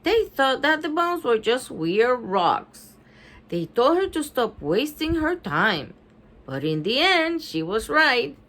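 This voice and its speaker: Young schoolgirl, huffy, earnest, slow pace, woman voicing her. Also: high voice, big pitch swings, a bit bright, voice pushed up, exaggerated voice. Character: serious, determined young schoolgirl.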